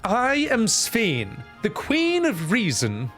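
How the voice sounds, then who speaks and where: A man's voice: high-pitched, wildly swooping pitch, slow pace, fairly bright tone, faint music behind, pitched above the performer's own voice, full character voice. Casting: elegant game queen, gracious and stately, lifted voice, put on by a male streamer. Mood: regal.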